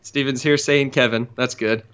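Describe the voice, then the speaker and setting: A man's voice: mid-range voice, steady tone, moderate pace, fairly bright tone, clean tone. A man co-hosting a casual livestream from his room at home, dry and laid-back, playing along with the jokes. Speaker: co-host of a comics livestream. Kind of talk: casual live-stream chat. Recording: dull lo-fi home stream audio.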